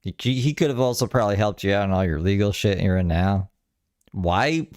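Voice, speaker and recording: A man's voice: on the low side, brisk, a little mellow, no echo, studio quality. A man hosting a reaction show, making sarcastic, teasing remarks about a clip. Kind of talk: casual commentary.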